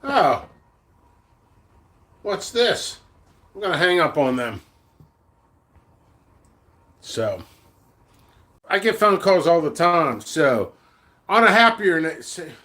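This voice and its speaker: A man's voice: a little high, lively intonation, slow, pauses often, sharp tone. A middle-aged man who sells seeds, ranting angrily in a vlog with a lot of profanity, blunt and rambling. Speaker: seed vendor. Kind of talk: vlog rant to camera.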